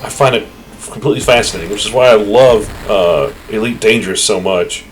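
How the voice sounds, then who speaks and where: A man's voice: fairly low pitch, brisk, slight background noise, poor audio. A man casually commenting on his space game and reading its dialogue aloud. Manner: chatty, offhand, yawning. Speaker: gaming YouTuber.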